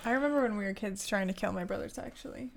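A woman co-hosting a casual podcast, talking in a loose, rambling way and laughing often. Her voice has a gravelly edge of vocal fry, and she speaks close to a studio podcast mic. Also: mid-range voice, racing. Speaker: podcast co-host.

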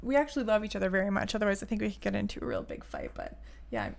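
A woman's voice: medium pitch, huge pitch swings, very fast, gravelly. A woman co-hosting a podcast in casual chat, rambling and laughing often. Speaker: podcast co-host. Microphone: studio podcast mic.

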